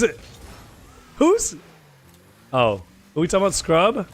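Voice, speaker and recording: A man's voice: sits high, wildly swooping pitch, no echo, clean studio sound. Teasing American man streaming live. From United States. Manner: joking, teasing, asks lots of quick questions. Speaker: gaming streamer. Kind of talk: casual live-stream chat with viewers.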